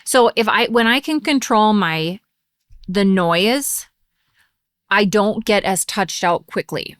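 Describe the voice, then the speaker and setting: Woman daycare podcast host, smooth voice, rambly chat, dry sound. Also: medium pitch, slow pace, fairly bright tone, no echo. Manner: rambling, trails off mid-sentence. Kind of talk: casual chat.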